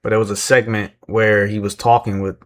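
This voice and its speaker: Rambling man recapping, slightly low voice. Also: little pitch movement, fairly quick. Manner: rambling, self-deprecating, many fillers and chuckles. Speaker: wrestling recap vlogger. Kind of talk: casual recap commentary.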